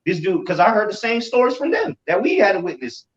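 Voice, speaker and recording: A man recounts events in animated, casual chat, stumbling over repeated words and cursing as he goes. His voice sits a little high and comes from away from the mic. The sound is roomy and dull. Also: quick pace, recorded from a distance. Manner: animated, repeats himself, swears. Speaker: religious group member. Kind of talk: casual storytelling.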